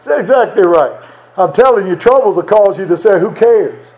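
A man's voice: high voice, expressive, moderate pace, darkish tone, lo-fi sound. A man preaching a sermon in an earnest, conversational way, repeating short phrases for emphasis.

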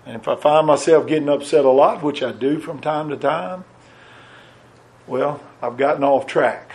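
A man preaching a sermon, folksy and plain-spoken, rising to emphatic peaks and then dropping low and quiet. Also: normal speed.

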